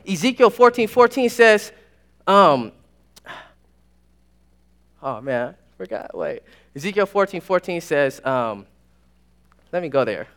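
Young male preacher, high-pitched, excitable campus sermon, hushed asides and bursts of shouting. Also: normal speed, clear, resonant tone.

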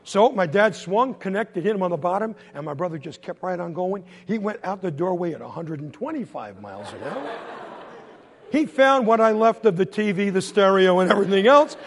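A man preaching a sermon, telling a story in an animated way, acting out voices and sound effects and laughing often. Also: high-pitched, a little fast. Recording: long hall reverb.

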